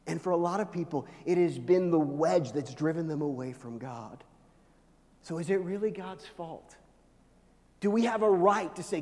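A man's voice: lively intonation, moderate pace. Man preaching a sermon in an echoing hall. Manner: swings from loud, rising pleas to hushed, low lines. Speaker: pastor. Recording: long reverb of a large hall.

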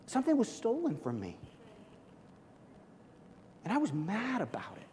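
A man's voice: high-pitched, unhurried. A middle-aged man preaching a sermon, telling stories and joking with the congregation. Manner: storytelling, animated, jokes with the congregation. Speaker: pastor. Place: church hall. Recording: long hall reverb, faint room noise.

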